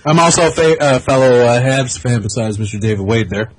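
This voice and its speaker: A man from Canada joins the podcast as a guest and chats in an easygoing way, teasing lightly at a middle pitch. Faint noise and clicks sit behind him. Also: animated, fairly quick, poor audio. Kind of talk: casual chat.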